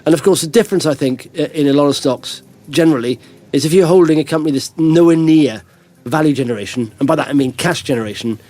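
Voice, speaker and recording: A middle-aged man hosts a podcast, chatting casually and telling rambling anecdotes while chuckling often. His voice is warm, a little high, and fast.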